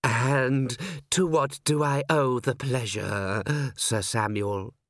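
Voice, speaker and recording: A man voicing a sly, unruffled male vampire nobleman in mock-polite, drawn-out tones. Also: medium pitch, steady tone, a bit bright, no echo, studio quality. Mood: silky mock-polite. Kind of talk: audiobook character voice.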